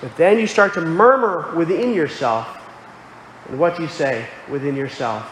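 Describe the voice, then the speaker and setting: A man's voice: a little high, normal speed, fairly bright tone, a little hiss or hum. A man preaching a sermon, earnest and explanatory, quoting scripture aloud. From Connecticut. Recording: echoey hall with faint ambience.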